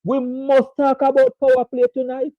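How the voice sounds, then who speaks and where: A man's voice: extremely high pitch, monotone, normal speed, no room sound. A man hosting a casual live-stream cricket chat, laughing often and repeating phrases. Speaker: sports show host. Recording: dull, dry lo-fi sound.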